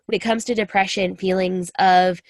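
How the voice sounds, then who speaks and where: A woman's voice: mid-range voice, steady tone, moderate pace, no echo, studio quality. A woman in her thirties, a military spouse, talking earnestly and confidingly about her own experience to listeners she calls friends. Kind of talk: personal talk to camera.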